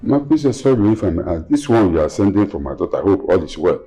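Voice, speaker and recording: A man's voice: sits low, big pitch swings, fast, dark tone, faint music behind. A man playing an anxious father who hesitates and stammers in a film drama. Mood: uneasy. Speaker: father of the daughter. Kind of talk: Nollywood film acting.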